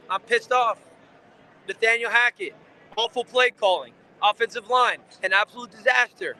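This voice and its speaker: A man's voice: very high-pitched, moderate pace, pushed and bright, slight background noise. A man hosting a fan channel, giving an angry, frustrated live post-game rant outside a stadium, swearing often.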